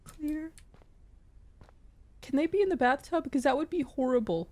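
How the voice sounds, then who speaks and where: A woman's voice: high voice, animated, normal speed, pauses often, darkish tone. A woman streamer giving live gaming commentary, jumpy, yelping and repeating herself when scared.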